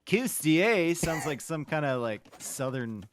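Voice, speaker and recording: A man's voice: fairly high pitch, sing-song, a little slow, a little hiss or hum. A man in his twenties from Canada, co-casting a game with dry, teasing humor. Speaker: co-caster. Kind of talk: casual game commentary with banter.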